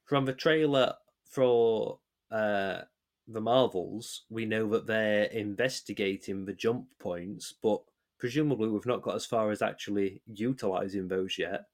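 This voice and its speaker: Chatty man, halting restarts. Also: fairly low pitch. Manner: hesitant, many restarts, rambling analysis. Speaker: podcast co-host. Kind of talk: casual chat.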